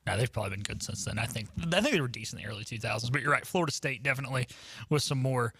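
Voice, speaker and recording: A man's voice: medium pitch, very fast, sharp tone, slightly rough, dry recording, studio quality. A young man hosting a casual sports talk radio show, chatty, with frequent ums and uhs.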